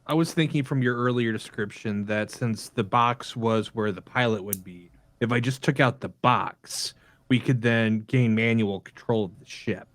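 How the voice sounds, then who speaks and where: A man's voice: medium pitch, normal speed, a bit bright, no echo. A man playing a tabletop game, talking casually and often laughing through his lines. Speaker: player.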